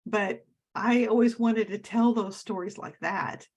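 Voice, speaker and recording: A woman's voice: mid-range voice, fairly even intonation, a little slow, a little mellow, slightly rough, lo-fi sound. A woman from Oregon, a guest author talking casually in an interview over a video call, chatty and reminiscing with many fillers and restarts.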